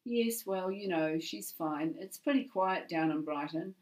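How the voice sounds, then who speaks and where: A woman voicing a gentle, somewhat weary father in a story reading. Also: lowish voice, measured pace, lightly acted, poor audio. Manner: gentle, subdued.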